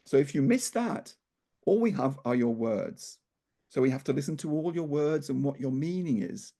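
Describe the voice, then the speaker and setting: A man's voice: mid-range voice, expressive, normal speed, dark tone. A man working as a speaking coach, explaining ideas thoughtfully, restarting phrases and leaning hard on stressed syllables. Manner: leans heavily on stressed syllables for emphasis. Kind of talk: conversational explanation.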